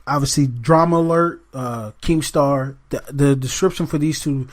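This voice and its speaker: A man co-hosting a podcast in casual chat, animated and acting out quotes as he talks. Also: mid-range voice, moderate pace. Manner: animated, acts out quotes, asks "you see what I'm saying". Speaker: podcast co-host.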